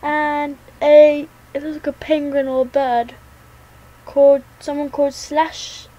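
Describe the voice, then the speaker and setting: A woman's voice: high-pitched, flat delivery, a little slow, warm tone, poor audio. A woman giving jittery, talk-to-herself commentary as she plays a game. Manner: jittery, talks to herself while playing. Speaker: gaming channel host. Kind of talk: let's play commentary.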